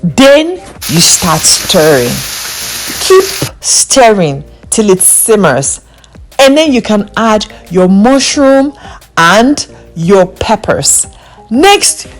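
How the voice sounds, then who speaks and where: Young woman, cooking vlogger, middle-pitched voice, emphatic, repeats steps, playful asides, home kitchen, faint background music. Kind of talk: recipe walkthrough.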